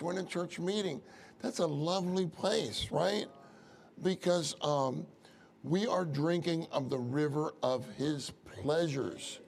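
Preacher, man, gravelly tone, chatty sermon style, asks the room questions. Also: fairly high pitch, a little hiss or hum. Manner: conversational, asks the congregation questions. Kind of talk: church sermon.

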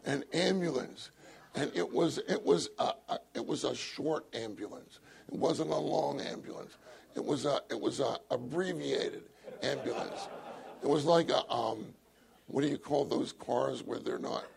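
An older man with a husky, gravelly voice, telling a humorous story in a sermon and laughing often. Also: medium pitch, measured pace, darkish tone. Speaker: church speaker.

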